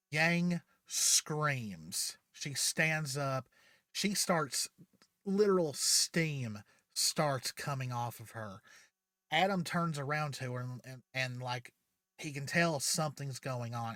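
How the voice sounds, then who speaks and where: A man's voice: medium pitch, bright, forceful tone, no echo, studio quality. A man hosting his channel, casually retelling a fan story with many fillers.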